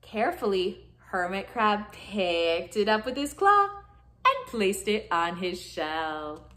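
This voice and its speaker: A woman storyteller reading a picture book to young kids, her voice swooping up and down with lively expression. She takes her time, drawing each phrase out slowly, and keeps stopping to coax the children into freezing, wiggling and cheering along. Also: mid-range voice. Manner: animated, guiding children through movements.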